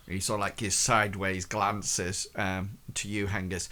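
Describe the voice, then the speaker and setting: A man narrating a tabletop game as game master, hesitant, with many pauses and restarts. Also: deep voice, flat delivery, sharp tone.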